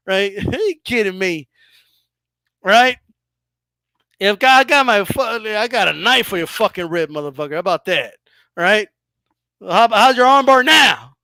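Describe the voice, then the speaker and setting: High-pitched guy ranting on his boxing channel, swoops all over, bright voice, lots of bro and cussing. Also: no echo. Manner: animated, profane, mocking, frequent laughs and "bro". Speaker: boxing commentator host. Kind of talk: casual ranting commentary.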